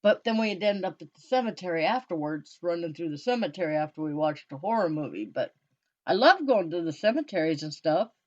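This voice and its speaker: A woman's voice: fairly low pitch, animated, fairly quick, darkish tone. Easygoing woman co-host, muffled recording. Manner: easygoing, storytelling. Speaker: podcast co-host. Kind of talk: casual chat. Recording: dull lo-fi recording.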